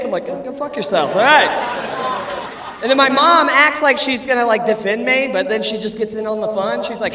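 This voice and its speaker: A man in his thirties doing a stand-up comedy routine, loud and profane, swinging between shouting and muttering. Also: high voice, a little fast. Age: 30s. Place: comedy club stage with audience. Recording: echoey club, crowd laughter, distant mic.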